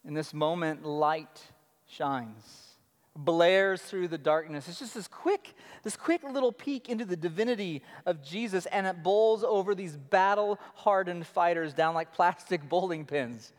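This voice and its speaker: High-voiced man preaching in a hall. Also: measured pace. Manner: animated preaching, shifting between loud emphasis and low murmurs. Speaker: pastor. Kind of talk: sermon. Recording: long hall reverb.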